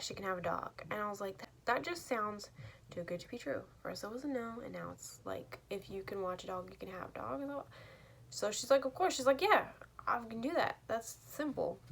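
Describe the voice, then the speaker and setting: A woman's voice: mid-range voice, slight background noise. Chatty young woman recapping a movie. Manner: chatty, uses "like" often, laughs mid-sentence. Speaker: movie reviewer. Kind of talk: casual spoken film recap.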